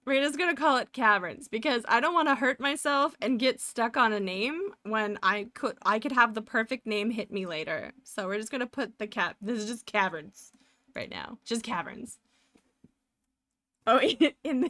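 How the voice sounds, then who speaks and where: A woman's voice: on the high side, lively intonation, normal speed, fairly bright tone, dry recording, clean studio sound. A woman live streaming as she draws, chatting casually and rambling as she narrates her work and often laughs. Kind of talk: casual chat while drawing live.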